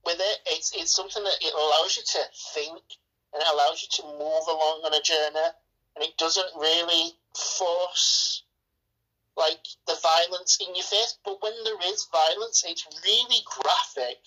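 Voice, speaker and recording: A woman's voice: fairly low pitch, normal speed, bright, forceful tone, poor audio. An Englishwoman chatting bluntly and enthusiastically about a film, swearing freely. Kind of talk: casual film review chat.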